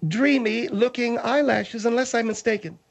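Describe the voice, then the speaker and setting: Guy putting on a snooty prissy lady, picky about words, quick with insults. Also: very high-pitched, gravelly, voice pushed up, full character voice. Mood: haughty. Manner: prissy, pompous about pronunciation. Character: haughty pretentious woman, snappish and insulting.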